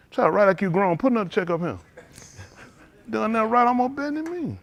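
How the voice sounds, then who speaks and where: A middle-aged preacher, his voice sitting a bit high and swinging widely as he talks. He keeps calling out to the congregation and breaks into teasing asides with the kids. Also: huge pitch swings, fast, gravelly, long pauses. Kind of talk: sermon.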